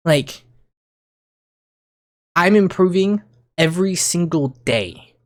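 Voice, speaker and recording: A young man talking casually to camera as a streamer, rambling and excitable, often restarting his sentences and jumping in pitch when he gets worked up. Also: slow pace. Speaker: streamer and YouTuber. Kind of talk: casual vlog monologue.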